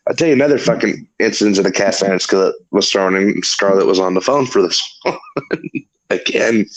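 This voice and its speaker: A man's voice: on the low side, poor audio. A man hosting a talk show, telling a long story in casual, rambling chat full of swearing. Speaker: podcast host.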